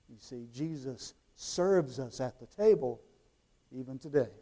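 A man preaching a sermon in a conversational way, tossing rhetorical questions at the congregation and swinging between quiet, drawn-out phrases and loud emphasis. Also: mid-range voice.

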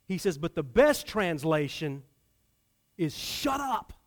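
A man's fairly high voice carries a Sunday sermon. He talks as a pastor to his congregation, pressing some lines loudly and sinking others into a low, quiet murmur. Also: slow pace. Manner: animated, swings from loud emphasis to hushed low delivery.

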